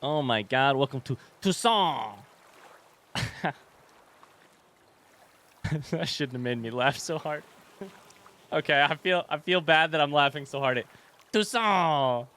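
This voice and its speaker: A man's voice: a little high, steady tone, normal speed, pushed and bright. Giggly, rambling young man at play. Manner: giggly, rambling, self-deprecating. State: tired late at night. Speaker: let's play host. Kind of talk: casual gameplay commentary.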